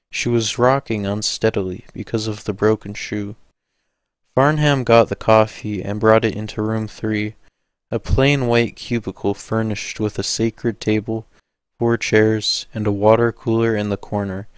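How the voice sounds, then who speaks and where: A man narrating an audiobook in a measured, steady way. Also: lowish voice, clear, resonant tone, no room sound.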